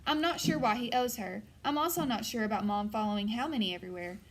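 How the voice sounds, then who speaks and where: A woman narrating a first-person audiobook in an even, storytelling manner. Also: a little high, fast.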